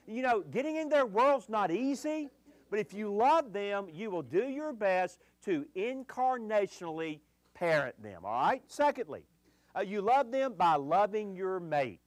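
A male pastor preaching a sermon, speaking deliberately and repeating his key phrases. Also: very high voice, dry recording.

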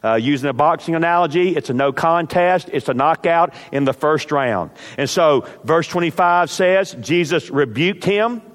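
Emphatic preacher in a reverberant hall. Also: male voice, fairly high pitch, normal speed, few pauses. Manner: emphatic, rising to forceful commands. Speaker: pastor. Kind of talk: sermon.

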